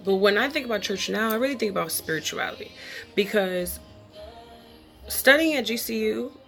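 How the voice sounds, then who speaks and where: A woman's voice: mid-range voice, lively intonation, moderate pace, gravelly, a bit bright, faint music behind. A woman hosting her own online show, talking in a chatty, rambling and upbeat way. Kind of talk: casual vlog monologue.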